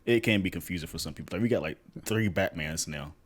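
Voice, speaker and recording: A man co-hosting a casual podcast chat, blunt, swearing casually and breaking into loud laughter often. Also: deep voice, fast. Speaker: podcast co-host.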